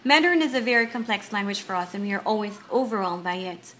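A mother giving a home lesson on Mandarin tones, explaining slowly and drawing out each example syllable. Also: medium pitch, expressive, a bit bright. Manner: slow, careful explanations with drawn-out example syllables. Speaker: parent teaching Mandarin tones.

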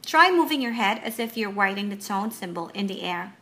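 A mother giving a home lesson on Mandarin tones, explaining slowly and drawing out each example syllable. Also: mid-range voice, lively intonation, pushed and bright. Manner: slow, careful explanations with drawn-out example syllables. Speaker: parent teaching Mandarin tones.

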